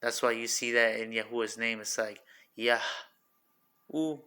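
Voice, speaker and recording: A man teaching in a casual, unscripted way, his voice bright and edged, with his pitch staying fairly level. He rambles and leans on fillers. He repeats each word several times as he sounds it out. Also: steady tone, measured pace, clean tone. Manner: loose and rambling, repeats words to sound them out; filler-heavy, says like and you know often. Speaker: religious teacher.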